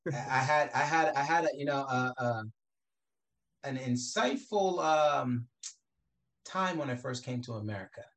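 A man who grew up in the Caribbean speaks as a guest on an interview show. His pitch sits in a middle range for a man, and his talk is relaxed and unhurried, sprinkled with "you know" and easy restarts. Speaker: guest, entrepreneur.

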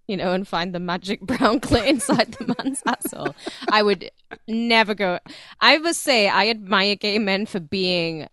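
A woman's voice: mid-range voice, fairly bright tone, no echo, studio quality. Crude, giggly woman podcast host. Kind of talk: crude casual chat.

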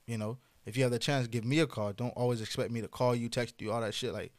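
A young man casually telling a personal story on a podcast, profane and animated, acting out the other people's lines. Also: medium pitch, fast talker, no echo, clean studio sound. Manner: casual, profane, animated retelling with quoted dialogue.

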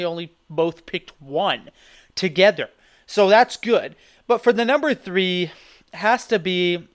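Rambling, animated podcast guy. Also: high voice. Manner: rambling, animated, lots of "dude" and restarts. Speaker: podcast co-host. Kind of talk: casual chat.

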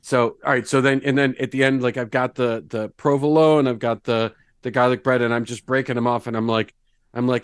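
A man playing a tabletop game, describing his character's actions in a chatty, animated way. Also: mid-range voice, brisk, clear, resonant tone, dry recording, clean studio sound. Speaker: player.

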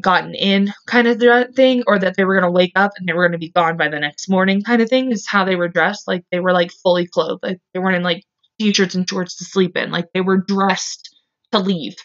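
A woman's voice: mid-range voice, fairly even intonation, fairly quick, a bit bright. A woman hosting a podcast, casually retelling a true-crime case, full of "like" fillers and swearing when angry. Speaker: podcast host. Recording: dull lo-fi recording.

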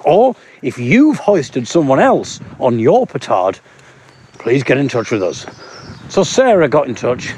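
A man's voice: a little high, vocal fry. A man, a stand-up comedian recording a casual spoken blog while walking outside, rambling with dry, self-mocking humour. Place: outdoors on an urban street with traffic. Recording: street noise behind a mobile recording.

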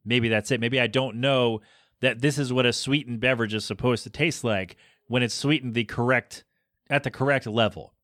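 A man's voice: mid-range voice, steady tone, normal speed, fairly bright tone, no room sound, clean studio sound. Rambling exasperated podcast host man. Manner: rambling, self-deprecating, exasperated. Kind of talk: solo podcast rant.

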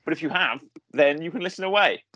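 Rambling British man, slightly high voice. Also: expressive, fast, pushed and bright, dry recording. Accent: British English. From England. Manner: rambling, hesitant, jokey. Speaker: podcast co-host. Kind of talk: casual chat.

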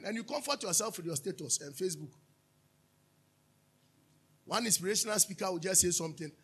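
A Ghanaian man preaching a sermon as pastor, animated, drifting into sung lines and asking his listeners to answer back. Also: high voice, a little fast, pauses often, slightly rough. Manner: calls for audience responses, asks and answers himself.

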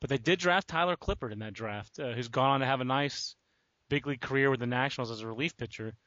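A man hosting a podcast, talking in a relaxed, casual way with many fillers. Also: medium pitch, quick pace, no room sound, lo-fi sound. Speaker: podcast host.

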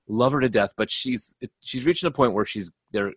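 Animated man telling stories on a podcast. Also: medium pitch, normal speed, slightly rough, no echo. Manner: animated storyteller, acts out quotes. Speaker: podcast host. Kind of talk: casual chat.

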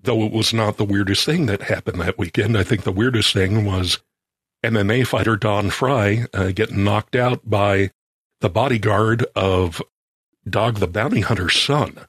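A man from California who produces and co-hosts a casual podcast speaks in a lowish, husky voice. He is halting and soft-spoken, with lots of restarts, and there is no echo.

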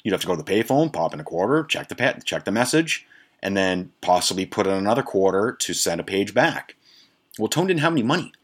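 A man's voice: sits low, animated, fast talker. A middle-aged man, a podcast host, telling a profane, rambling anecdote in casual storytelling style.

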